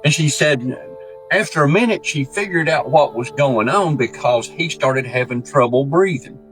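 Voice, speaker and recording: A man telling a true story in a folksy, animated way, acting out the voices he quotes. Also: medium pitch, moderate pace, soft background music. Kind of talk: casual spoken storytelling.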